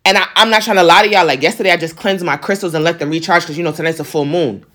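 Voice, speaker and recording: A woman's voice: on the low side, steady tone, rapid-fire, fairly bright tone. Emphatic woman telling a story in slang. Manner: emphatic, slangy, addresses viewers directly. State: on the verge of tears. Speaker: vlogger telling a personal story. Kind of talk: casual storytelling to viewers.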